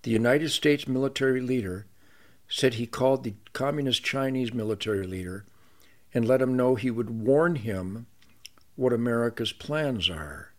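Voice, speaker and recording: A man as a podcast guest, ranting in a loud, emphatic, profane way that drops suddenly to quiet. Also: mid-range voice, normal speed. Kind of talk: podcast interview.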